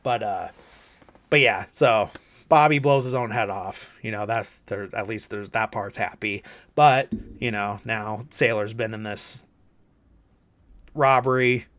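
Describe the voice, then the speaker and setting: Male podcast co-host, lowish voice, loose rambling recap, curses casually. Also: a little slow, fairly bright tone. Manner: rambling, loose, swears freely, heavy "like" and "you know".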